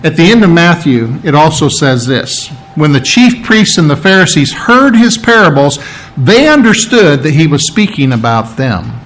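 A man's voice: a little high, sing-song, normal speed, fairly bright tone, rough recording. A man preaching a sermon in a teaching, conversational way, checking in with his listeners and often restarting his phrases. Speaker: pastor.

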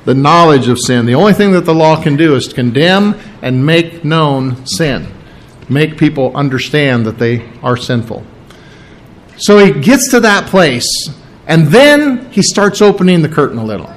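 A man's voice: fairly high pitch, animated, unhurried, poor audio. A man preaching an expository sermon, earnest and emphatic, often repeating key phrases and restarting his sentences. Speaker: pastor.

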